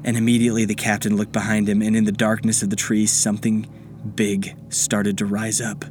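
A man narrating a children's bedtime story in a gentle, unhurried way. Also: fairly low pitch, monotone, slight background noise.

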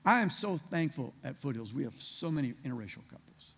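A man's voice: medium pitch, big pitch swings, a little fast, a bit bright, slightly rough. A man preaching a conversational sermon, firing rhetorical questions at his congregation. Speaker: pastor. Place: church sanctuary. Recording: reverberant hall.

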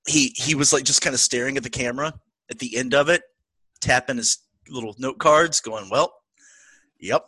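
A man co-hosting a podcast, chatting casually and with strong opinions about politics, often slipping into quick impressions of the people he talks about. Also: mid-range voice, breathy edge, no echo. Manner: opinionated, animated, quotes people in put-on voices. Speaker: podcast co-host.

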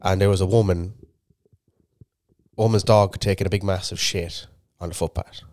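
Man, podcast co-host, sweary animated storytelling, somewhat low voice, dry close mic. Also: normal speed, no echo. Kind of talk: casual chat.

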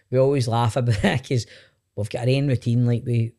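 A middle-aged Glaswegian man talks casually as a podcast guest, at a mid-range pitch. He tells animated stories and swears freely. His laughter breaks in often. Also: normal speed. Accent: Glaswegian Scottish. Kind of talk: casual chat.

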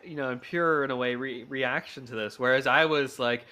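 Male podcast host, bright clear voice, animated and quick to laugh, casual chat. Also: medium pitch. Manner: animated, laughs often, restarts and fillers.

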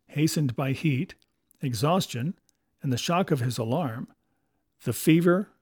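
A man reading a classic adventure novel aloud as narrator, with steady storytelling. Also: a little high, slightly rough, no room sound, studio quality. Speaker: audiobook narrator. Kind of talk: scripted narration.

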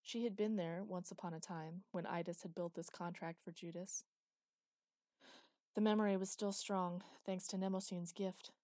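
Woman reading a story out loud, low mellow voice, flat and even, dry sound. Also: normal speed, no echo. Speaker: narrator. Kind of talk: storybook narration.

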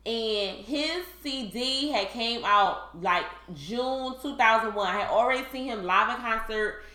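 Bright animated Philly woman storyteller. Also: on the high side, a little slow, roomy sound. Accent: Philadelphia. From Philadelphia. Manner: animated storyteller, laughs often. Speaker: podcast co-host. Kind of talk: casual chat.

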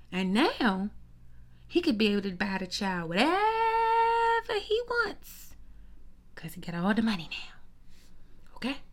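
Profane, sassy woman ranting about gossip. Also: mid-range voice. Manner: profane, animated, sassy, rhetorical. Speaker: commentator. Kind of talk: casual celebrity gossip rant.

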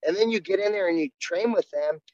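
A man's voice: high voice, fast talker, darkish tone, no echo. A man, a jiu-jitsu coach, talking candidly and earnestly in a casual interview, often restarting his sentences. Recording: dull, dry sound.

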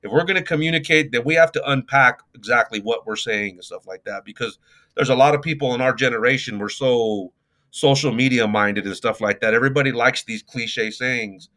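A man in his forties talks as a podcast guest, unhurried and reflective. He hands out advice about parenting and life in a loose, conversational way. His talk is full of everyday fillers. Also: medium pitch, sharp tone. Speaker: guest, youth coach and mentor. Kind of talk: casual podcast interview.

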